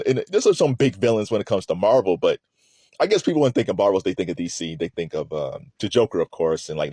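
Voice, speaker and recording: Rambling, laughing man, lively pitch. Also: slightly rough, no echo, clean studio sound. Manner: rambling, laughs often, frequent restarts. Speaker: commentator on a court trial. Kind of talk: casual commentary.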